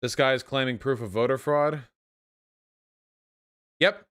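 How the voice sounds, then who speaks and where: A man's voice: medium pitch, a little slow, clean tone. Young man swearing through stream commentary. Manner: swearing, sarcastic, animated, reacting to chat. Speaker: livestream host. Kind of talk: casual livestream commentary.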